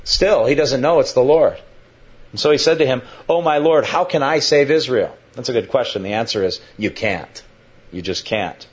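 A man's voice: fairly quick, dull audio. Conversational male pastor preaching. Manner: conversational, dramatizes quotes with sudden pitch jumps. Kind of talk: expository sermon.

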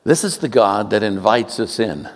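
Male preacher, 70s, from Oakland California, lively pitch swings, joking asides, long hall reverb. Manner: joking, animated storyteller, quick asides. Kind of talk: sermon with humorous stories.

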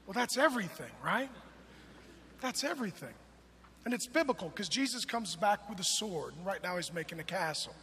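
Forties male preacher, bright ringing voice, emphatic calls dropping to hushed storytelling, faint room hum. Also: high voice, animated, a little fast, long reverb tail. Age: 40s. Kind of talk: sermon.

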